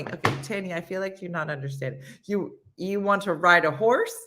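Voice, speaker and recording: Brisk and animated, this woman runs a laid-back live chat, reading comments aloud and playfully switching into silly squeaky voices and soft whispers.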